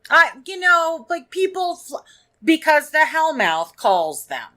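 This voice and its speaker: A woman co-hosting a podcast in casual chat, chatty with quick asides. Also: sits high, very animated, sharp tone. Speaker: podcast co-host.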